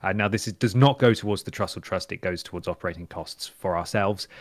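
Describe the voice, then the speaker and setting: A man's voice: deep voice, quick pace, dry recording. A British man co-hosting a charity live stream, reading donations and chatting in a wry, rambling way with casual swearing. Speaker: stream co-host.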